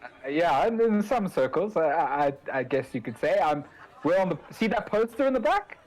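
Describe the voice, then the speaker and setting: A man's voice: fairly high pitch, very animated, moderate pace, a little mellow, a faint crowd, rough recording. A man playing a tabletop game, stammering and restarting as he talks in character. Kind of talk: casual in-character play.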